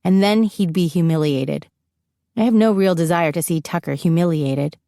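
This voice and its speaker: A woman's voice: on the low side, moderate pace, dark tone, no echo, studio quality. A woman narrating a first-person audiobook in a wry, confiding storytelling manner.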